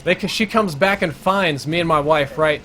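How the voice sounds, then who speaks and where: A man's voice: fairly high pitch, moderate pace, sharp tone. A man streaming live gameplay, telling a long crude story in a rambling, self-interrupting way. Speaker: gaming streamer.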